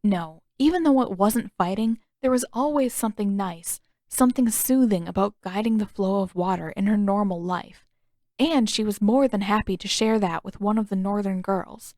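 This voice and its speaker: A woman reads her own fanfiction aloud in steady, even storybook narration. Her voice sits at a middle pitch. The recording is dry and close, with no room sound. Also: moderate pace, no echo. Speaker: fanfiction author and podfic reader.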